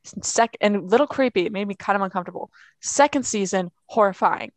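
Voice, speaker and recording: A woman's voice: mid-range voice, fast, dry recording. Chatty young woman, dry close sound. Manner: chatty, rambling, many fillers. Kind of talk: casual chat.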